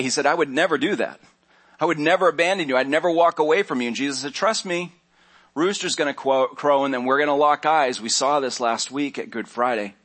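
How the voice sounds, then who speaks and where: A man's voice: mid-range voice, fairly bright tone. A man, a pastor, preaching a sermon in an easygoing, conversational way, now and then acting out the lines of the people in his story. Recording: church sermon audio.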